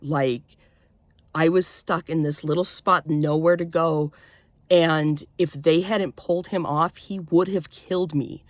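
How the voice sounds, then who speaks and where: A woman vlogger telling a personal story in a halting, rambling way with many fillers, shaken as she recounts a frightening event. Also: low-pitched, steady tone, no echo. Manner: shaken, tense when recounting fear.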